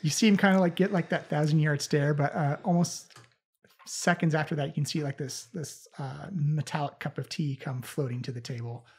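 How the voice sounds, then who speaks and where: Man, game master, husky voice, halting narration full of fillers. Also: a little high, fairly even intonation, a little mellow.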